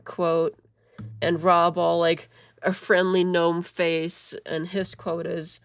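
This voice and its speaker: A woman's voice: fairly low pitch, little pitch movement, a little slow, creaky, dry recording, studio quality. A woman streamer commenting casually and sarcastically, rambling with many fillers and laughing at her own jokes. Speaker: streamer reacting to a call.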